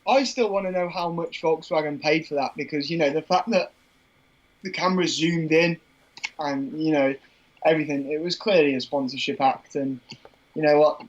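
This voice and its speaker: A man's voice: fairly high pitch, normal speed, muffled recording. A man co-hosting a live football watchalong, chatting in a rambling way with plenty of fillers. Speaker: co-host.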